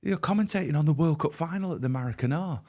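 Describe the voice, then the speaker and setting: This middle-aged man has a fairly high-pitched yet darkish voice. As a guest on a podcast interview, he tells his own story in a frank, vivid first-person way, halting and restarting frequently.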